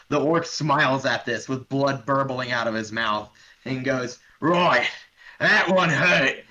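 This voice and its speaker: A man running a tabletop game as dungeon master, narrating with a relaxed, joking manner. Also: mid-range voice. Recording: dull lo-fi mic with faint hiss.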